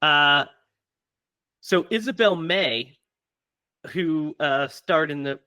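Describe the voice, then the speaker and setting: A bright, fairly high-voiced man hosting a horror podcast in casual chat. He talks in loose, chatty runs full of fillers and laughs easily. The sound is dry and close, with no room around him. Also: takes it slowly, smooth, dry recording. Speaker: podcast host.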